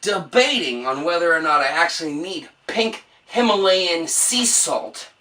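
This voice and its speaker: A woman's voice: fairly low pitch, animated, unhurried, a bit bright, recorded from a distance. A woman vlogger on an exasperated, profanity-laced comedic rant. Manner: exasperated, swears a lot.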